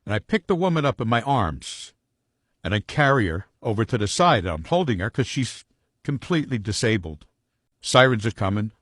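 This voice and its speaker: A man's voice: on the low side, sing-song, normal speed, a bit bright, no room sound, studio quality. A man telling a story casually in a blunt, profane way.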